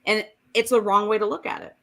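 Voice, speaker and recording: A woman's voice: mid-range voice, little pitch movement, brisk, fairly bright tone. A woman guest giving an earnest, reflective motivational talk about self-doubt. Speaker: guest, coach.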